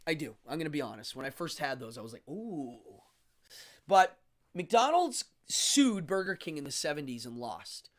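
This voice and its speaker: A man's voice: on the high side, a little fast. Chatty man hosting a live stream. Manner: chatty and animated, reading chat aloud. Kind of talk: casual live stream chat. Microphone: studio microphone.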